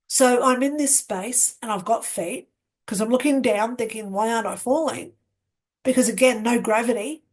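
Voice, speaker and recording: A woman telling her near-death experience in a slow, earnest way, acting out the dialogue she remembers. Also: a little high. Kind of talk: personal storytelling. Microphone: webcam setup with ring light.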